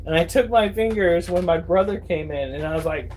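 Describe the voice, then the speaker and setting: A man in his thirties with a high voice talks to his phone at home, rambling through stories for his viewers. He swears freely and acts out what people said. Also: a little fast, hardly any pauses, darkish tone. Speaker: vlogger. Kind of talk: casual storytelling to viewers.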